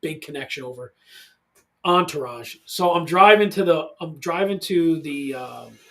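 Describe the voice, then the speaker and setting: A man in his forties hosting a casual podcast in a studio, an animated storyteller who gets loud when acting out quotes. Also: fairly high pitch, measured pace. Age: 40s. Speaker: podcast host.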